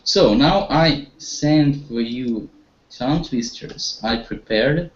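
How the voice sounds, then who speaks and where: A man's voice: medium pitch, takes it slowly. A man teaching an online group English lesson, encouraging his students and leading them with questions, with some hesitations. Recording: echoey, dull online-call audio.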